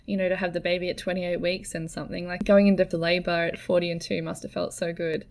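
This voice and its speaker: A woman's voice: fairly low pitch, little pitch movement, fast, creaky, a little mellow, slight background noise. A woman hosting an interview, asking questions and giving supportive backchannel replies. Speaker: podcast host. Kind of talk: casual interview.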